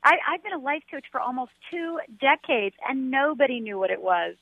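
A woman guest on a radio interview, talking earnestly with halting restarts. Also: sits high, lively intonation, creaky, no room sound. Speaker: guest life coach. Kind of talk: radio interview over the phone. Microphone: telephone. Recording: dry tinny phone line.

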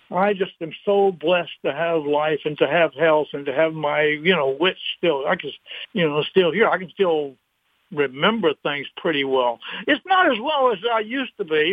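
A man in his eighties, a guest on a radio interview, speaking in a halting, earnest way with many repeated words and getting choked up. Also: high-pitched, no room sound. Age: 80s. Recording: tinny phone line.

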